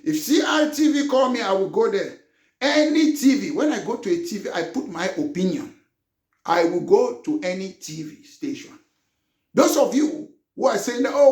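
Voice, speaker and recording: Combative high-voiced man. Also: reverberant. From Cameroon. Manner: combative, emphatic, rises to shouting. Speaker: political party leader. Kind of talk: political broadcast monologue.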